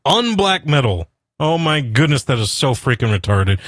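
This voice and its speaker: A man's voice: mid-range voice, big pitch swings, a little slow, fairly bright tone, no room sound. Man hosting his own radio show, rambling rant, dry close sound, mid voice. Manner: rambling, blunt and profane, laughs at himself. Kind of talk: casual solo radio rant and chat.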